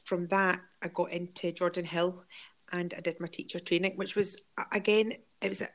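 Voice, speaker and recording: A woman's voice: on the low side, little pitch movement, normal speed. A middle-aged woman with a Scottish accent, an actress sharing anecdotes in a casual interview, laughing often as she tells stories.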